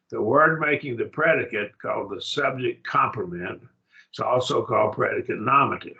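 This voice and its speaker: A man's voice: lowish voice, creaky, sharp tone, muffled recording. An older man teaching a Greek grammar lesson, patient, checking that his student follows. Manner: patient, explains step by step, checks understanding.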